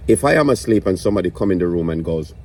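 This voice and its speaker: A man's voice: sits low, lively intonation, racing, darkish tone. A man telling a stand-up story about his grandma, swearing and ranting in exasperation. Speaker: comedian.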